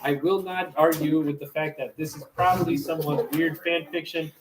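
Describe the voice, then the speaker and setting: A young man streaming, chatting and reading aloud with wry, deadpan commentary. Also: fairly high pitch, normal speed. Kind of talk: casual live-stream chat. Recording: echoey room with crowd noise.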